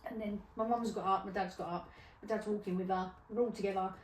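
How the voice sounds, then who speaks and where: A woman's voice: medium pitch, quick pace. Woman telling funny stories, roomy. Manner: animated storyteller, laughs often, swears freely. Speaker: podcast co-host. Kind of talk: casual storytelling chat. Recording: roomy, distant mic with faint noise.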